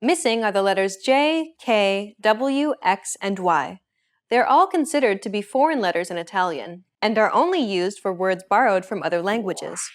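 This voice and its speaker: A woman hosting a language course, explaining points in clear, friendly scripted narration. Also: medium pitch, animated, normal speed.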